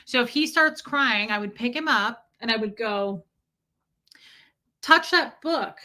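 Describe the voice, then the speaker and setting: A woman's voice: fairly high pitch, normal speed, bright, forceful tone. A woman in her forties chatting casually on a livestream, frankly telling stories and answering viewer comments. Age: 40s. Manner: frank, blunt storytelling with quoted voices. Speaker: live streamer.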